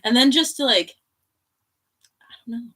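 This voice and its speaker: A woman's voice: fairly high pitch, expressive, normal speed, sharp tone, distant mic, a little hiss or hum. A woman co-hosting a casual podcast, talking hesitantly with lots of filler words. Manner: hesitant, many fillers like "like" and "I don't know". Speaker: co-host, host's wife.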